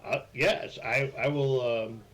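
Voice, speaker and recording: A man voicing an earnest male minotaur-like construct adventurer, speaking hesitantly with many pauses. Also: medium pitch, steady tone, a bit bright, low-quality recording. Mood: polite. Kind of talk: live-streamed tabletop role-play.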